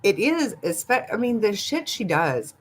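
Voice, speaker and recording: A woman's voice: medium pitch, very animated, a little slow, breathy edge. An older woman hosting a casual livestream, chatting gossipily with viewers and giggling often. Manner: giggly, gossipy, talks back to chat. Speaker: livestream host. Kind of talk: casual live chat with viewers.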